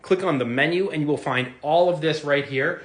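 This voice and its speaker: An energetic man talks investing straight to camera in a fairly high, reassuring voice. He acts out quick quoted reactions along the way. The room around him rings with noticeable echo. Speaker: investing video creator. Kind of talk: direct-to-camera finance talk. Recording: roomy echo.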